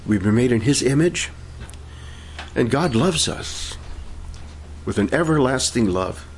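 Slow, fervent male pastor. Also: mid-range voice, expressive, a little hiss or hum. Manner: slow, fervent praise and gentle preaching. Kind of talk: sermon.

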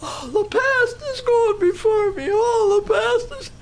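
A woman's voice: very high-pitched, unhurried, pitched above the performer's own voice. A woman voicing her tough old father, dying and frightened, crying out in anguish.

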